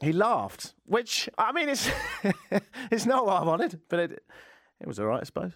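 A man's voice: high voice, wildly swooping pitch, unhurried, a bit bright, no echo. A man hosting a comic radio talk show from the studio, ranting in a sarcastic, self-mocking way. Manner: sarcastic, self-mocking rants with mimicked chants.

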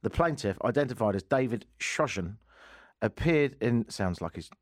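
A man's voice: on the low side, animated, moderate pace. A man hosting a radio show, chatting casually with a teasing, jokey manner.

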